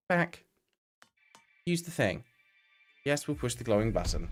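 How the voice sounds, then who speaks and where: A man's voice: medium pitch, very animated, measured pace, long pauses, soft background music. A young man streaming a game, chatting to viewers with wry asides and the odd swear. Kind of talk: casual live-stream gameplay commentary.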